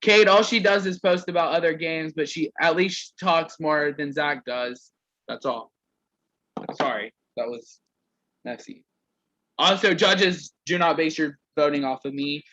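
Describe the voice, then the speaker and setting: A man's voice: fairly high pitch, measured pace, a bit bright, lo-fi sound. A young man casually reading roasts aloud to a group on a call, stumbling over words and laughing.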